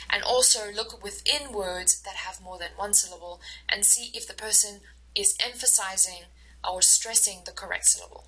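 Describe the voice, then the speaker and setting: A woman instructor giving a recorded lecture over slides, explaining slowly and carefully with many fillers and restarts. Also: medium pitch, pushed and bright, husky, low-quality recording.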